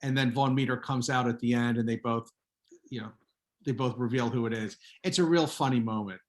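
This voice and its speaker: A man's voice: mid-range voice, fairly quick. Chatty man on a video call. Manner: chatty, anecdotal. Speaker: guest author. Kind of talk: casual Zoom talk.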